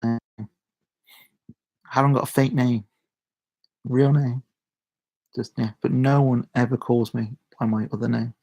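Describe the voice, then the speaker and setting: Gravelly rambling Shropshire man. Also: mid-range voice, steady tone, normal speed, pauses often, mellow. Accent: Shropshire English. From Shropshire, England. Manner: rambling, self-interrupting, chuckles a lot. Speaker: YouTuber. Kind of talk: casual chat to camera.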